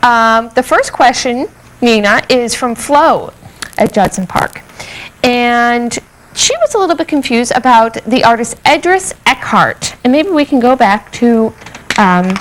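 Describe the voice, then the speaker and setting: A woman's voice: on the high side, expressive, measured pace, poor audio. A woman hosting a museum education program, upbeat and affirming, asking a guest questions. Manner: upbeat, affirming with frequent mm-hmms.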